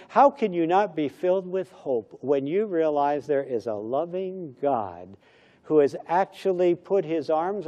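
A man's voice: a little high, warm tone, highs cut off. A middle-aged pastor preaching a conversational sermon, acting out little everyday dialogues as he goes.

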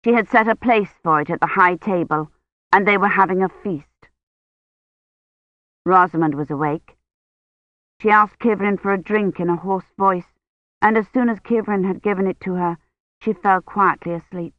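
A woman reading a novel aloud as narrator in a calm, measured way. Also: mid-range voice, no room sound. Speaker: audiobook narrator. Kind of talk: scripted narration. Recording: tinny phone-like line.

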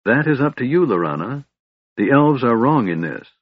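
A man's voice: medium pitch, very animated, moderate pace, husky, no echo, pitched above the performer's own voice. A man playing a firm fatherly cleric. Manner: gentle but firm, fatherly. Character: wise older male cleric, calm and firm. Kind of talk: audiobook reading. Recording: dull dry recording.

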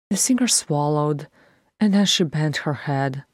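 A woman reading a fantasy novel aloud as a fan audiobook, in a measured storytelling manner. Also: sits low, lively intonation, a little mellow, dry recording, clean studio sound. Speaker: audiobook reader.

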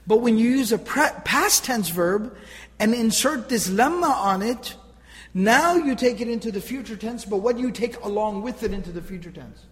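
A man's voice: sits high, lively intonation, normal speed, a bit bright, big-room sound, rough recording. A man teaching Quranic grammar, emphatic and asking rhetorical questions, often repeating himself. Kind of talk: explaining Quranic grammar to listeners.

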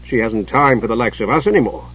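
A man voicing a scheming male god of trade, persuasive and mock-innocent, with a husky voice. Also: mid-range voice, expressive, fast talker, fairly bright tone, dull audio.

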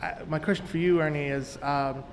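A man in a convention audience asking the panel a question, halting with fillers. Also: a little high, fairly even intonation, a little hiss or hum. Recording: distant audience mic in echoey hall.

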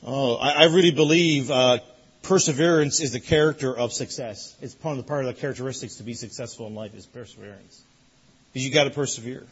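A man preaching a sermon as a pastor, telling a lively story that builds in excitement. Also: medium pitch, brisk, breathy edge, highs cut off. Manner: animated storytelling, rising loud in excitement.

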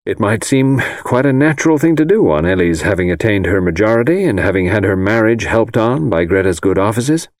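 A man reading the part of a precise, disapproving older lawyer in an audiobook, measured and formal, choosing his words carefully. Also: lowish voice, lively intonation, no room sound, studio quality, lightly acted.

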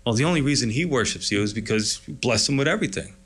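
A man's voice: medium pitch, expressive, fast talker, a bit bright, slightly rough. A man voicing a sly, flippant devil who talks in an offhand way.

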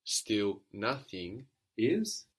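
Male language tutor, slightly low voice, patient, explains step by step. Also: very animated, drawn-out words. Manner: patient, repeats answers and explains grammar step by step. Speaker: language teacher. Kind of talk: spoken language lesson.

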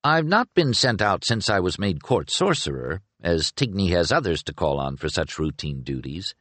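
A man's voice: sits low, big pitch swings, normal speed, a bit bright, no room sound, full character voice. A man voicing an earnest, curious young sorcerer in an audiobook, reasoning eagerly with a slightly lifted voice. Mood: explaining. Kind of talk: audiobook character reading.

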